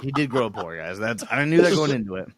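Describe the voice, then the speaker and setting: A man co-hosting a comedy podcast, swearing and laughing as he acts out text messages with loud outbursts. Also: medium pitch, big pitch swings, fast talker, crowd noise. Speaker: podcast co-host. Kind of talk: comedic casual chat, reading posts aloud.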